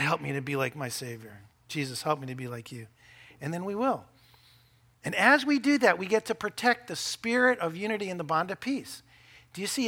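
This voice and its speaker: A male pastor preaches with a high, bright voice. He is animated, jokes with his congregation and slips into playful quoted voices to make his point. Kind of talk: sermon.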